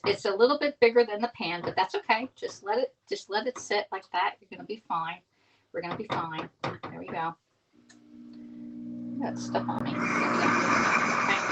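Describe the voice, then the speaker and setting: A woman in her fifties from Pennsylvania, with a Southern US accent and a mid-range voice, hosts a live cooking stream from her home kitchen, chatting to viewers and talking herself through each step of the casual demo. Heavy background noise fills the recording.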